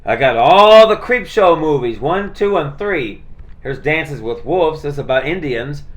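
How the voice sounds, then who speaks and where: A man's voice: on the high side, lively intonation, a little slow. A man chatting casually and rambling through his collection, with lots of fillers and restarts. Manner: rambling, many fillers and restarts, laid-back. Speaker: vlogger showing his movie collection.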